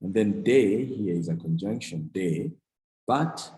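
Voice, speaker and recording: Man lecturing, deep mellow voice, echoey room, halting self-correcting delivery. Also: lively intonation. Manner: explains slowly, with frequent restarts and self-corrections. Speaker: Greek teacher. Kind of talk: classroom lecture.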